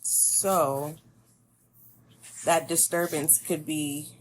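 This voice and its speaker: A woman's voice: sits low, steady tone, very slow, slight background noise. A woman giving a spiritual tarot reading, talking to the listener in a meandering, musing way. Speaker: tarot reader.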